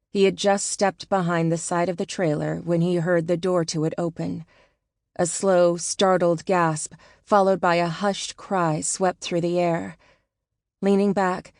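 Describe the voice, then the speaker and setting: A woman audiobook narrator reading in a calm, measured scripted narration. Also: lowish voice, no room sound, clean studio sound.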